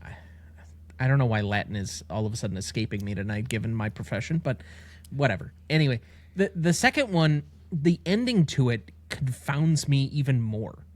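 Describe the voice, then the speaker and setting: A man co-hosting a podcast, picking apart a show's legal details in a measured, analytical way. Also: medium pitch, lively intonation, a little mellow. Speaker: podcast co-host. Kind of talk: casual TV recap chat.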